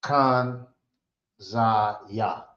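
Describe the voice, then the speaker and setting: A man in a language class asking quiet, tentative questions and repeating words back to the teacher. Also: on the low side, drawn-out words. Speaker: student. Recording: echoey room, dull lo-fi sound.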